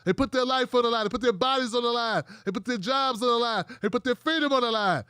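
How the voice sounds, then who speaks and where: High-voiced profane ranting man. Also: fast, sharp tone, smooth, no echo, studio quality. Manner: profane, sarcastic, acts out mocking quotes. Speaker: political commentary host. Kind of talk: casual ranting commentary.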